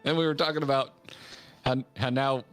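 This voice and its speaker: A man hosting a game stream, rambling and excitable in casual chat. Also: mid-range voice, moderate pace. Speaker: streamer host. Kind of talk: casual let's-play chat. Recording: faint game music behind.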